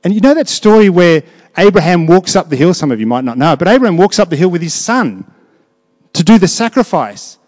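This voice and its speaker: A man with a somewhat high voice delivers a sermon, his words trailing into a long hall reverb. He shifts from quiet, reflective phrases to raised, emphatic passages and talks to the congregation as if in conversation. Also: big pitch swings, a little fast. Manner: swings between hushed reflection and raised, emphatic preaching; conversational, asks the congregation questions. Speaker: preacher.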